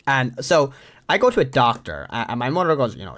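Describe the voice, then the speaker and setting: A man's voice: medium pitch, huge pitch swings, brisk, fairly bright tone. A young Irish man telling a story to camera in a rambling, profane, self-mocking way. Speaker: vlogger.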